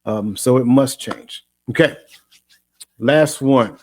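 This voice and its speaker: A man hosting a coaching podcast in casual chat, animated and preachy, often repeating himself and laughing. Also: mid-range voice, takes it slowly, no echo. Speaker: podcast host.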